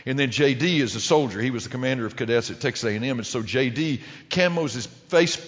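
A man's voice: mid-range voice, fast talker. A middle-aged man telling a humorous story to a live audience, rambling and restarting his sentences often. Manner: rambling, with many restarts and stumbles. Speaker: public speaker telling a story. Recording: lo-fi recording with long hall reverb.

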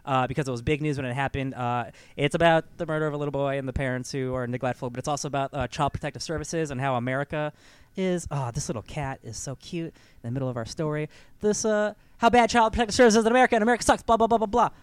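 A man co-hosting a podcast in casual chat, telling stories in a rambling, animated way with many fillers. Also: a little high, racing, smooth, dry recording. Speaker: podcast co-host.

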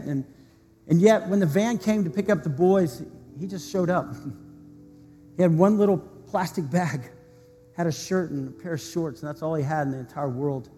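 A man's voice: fairly high pitch, normal speed. A male pastor preaching a sermon with earnest, heartfelt storytelling and leading prayer. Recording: long hall reverb, soft music behind.

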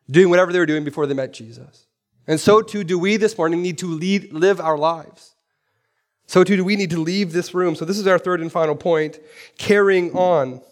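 A man preaching a sermon in a church, animated, asking rhetorical questions and repeating phrases for emphasis. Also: high voice. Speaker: pastor.

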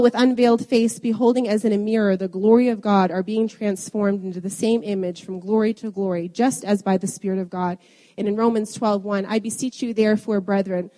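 A young woman preaching a sermon in an animated way, laughing often at herself. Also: mid-range voice. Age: young adult. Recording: long hall reverb.

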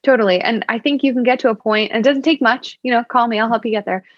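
A woman's voice: a little high, quick pace, no echo. A woman sommelier talks casually on a podcast, chatty and upbeat, dropping wry jokes between tips. Her voice sits mid-range and sounds a bit dull and lo-fi. The recording is dry. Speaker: sommelier guest.

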